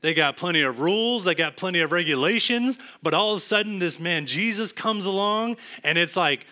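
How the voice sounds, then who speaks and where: Bright-voiced Texan pastor preaching. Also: male voice, high-pitched, animated, fairly quick, hardly any pauses. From Texas. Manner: earnest preaching, swings from emphatic to hushed. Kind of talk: sermon.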